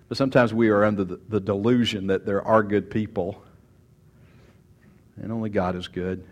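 A man preaching a sermon and teaching from scripture, swinging from loud emphatic bursts to quiet asides and acting out quoted speech. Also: fairly low pitch, moderate pace, long pauses. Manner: animated, rises loud for emphasis, then drops quiet; acts out quoted speech, repeats words. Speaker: pastor.

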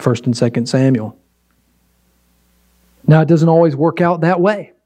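A man's voice: mid-range voice, warm tone. A pastor preaching a sermon, exhorting with repeated emphatic phrases and shifting his pace for effect.

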